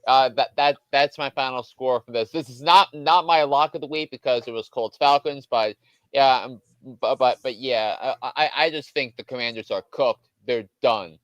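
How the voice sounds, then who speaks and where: A man on a football podcast panel, talking in halting bursts with many restarts. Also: mid-range voice, no room sound, highs cut off. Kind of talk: casual sports chat.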